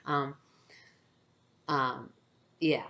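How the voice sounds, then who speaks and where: Woman, deep register, casual spiritual vlogger, earnest and chatty with frequent laughs. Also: steady tone, extremely slow, gravelly, sharp tone, muffled recording. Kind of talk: casual storytelling monologue.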